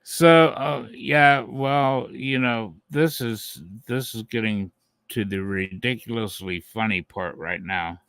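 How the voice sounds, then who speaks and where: A man's voice: mid-range voice, slow, fairly bright tone, clean tone, no room sound. A man hosting a live stream, talking to his viewers in a taunting, mocking way and chuckling at his opponents. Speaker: channel host.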